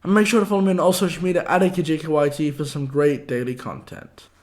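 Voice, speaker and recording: Hoarse young vlogger, slangy. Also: male voice, on the high side, fairly even intonation. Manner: breezy, slangy, quick-fire delivery. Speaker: tech video host. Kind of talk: casual tech tips vlog.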